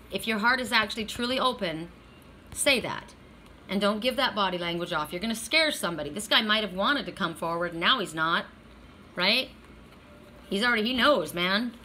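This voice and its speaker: A woman's voice: mid-range voice, pushed and bright, slight background noise. A woman doing a casual weekly oracle card reading, talking bluntly, swearing freely and checking in with "right?".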